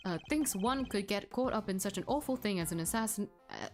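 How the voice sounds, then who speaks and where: A woman reading the lines of a polite, evasive male ice cream seller in a game, in a slightly lowered, unhurried voice. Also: animated, soft background music, lightly acted.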